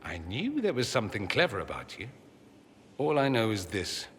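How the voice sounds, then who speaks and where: A man's voice: on the low side, huge pitch swings, fairly bright tone, long reverb tail, a little hiss or hum. An actor playing a witty, sardonic male mage in a video game, teasing and dramatic in tone. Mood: wry. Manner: quick-witted, teasing, dramatic swings in tone.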